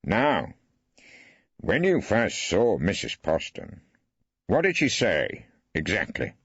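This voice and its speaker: An actor playing an elderly barrister in an audiobook, questioning with arch, ironic politeness. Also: male voice, lowish voice, huge pitch swings, slow pace, fairly bright tone, slightly rough, dry recording, voice pushed up, heavily acted. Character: wry elderly male barrister, mock-polite. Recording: dry, slightly dull studio.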